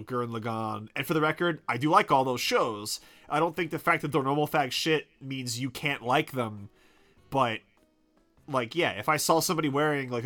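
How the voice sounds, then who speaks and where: Guy with a bright edgy voice, swearing a lot, casual anime podcast chat, faint music behind. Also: mid-range voice. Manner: blunt, profane, trailing off while thinking.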